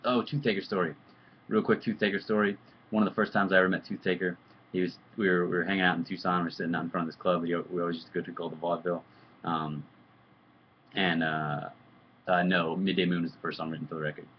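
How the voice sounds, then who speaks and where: A man's voice: low voice, flat delivery, fast, breathy edge, lo-fi sound. A man chatting casually on a live video stream, answering fan questions in a loose, joking, rambling way. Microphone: computer webcam mic.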